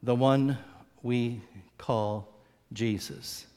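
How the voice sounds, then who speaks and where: Preacher in a reverberant hall. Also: male voice, fairly even intonation, drawn-out words, a little mellow, clear, resonant tone. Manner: earnest, often repeats words while speaking; acts out quoted voices with big pitch swings. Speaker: pastor. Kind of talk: sermon.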